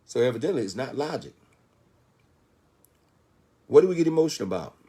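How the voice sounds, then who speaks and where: A man's voice: medium pitch, big pitch swings, a little fast, dark tone, breathy edge. An older man giving an emphatic motivational talk, asking rhetorical questions and answering them himself, with frequent "Okay?" checks. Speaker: motivational speaker.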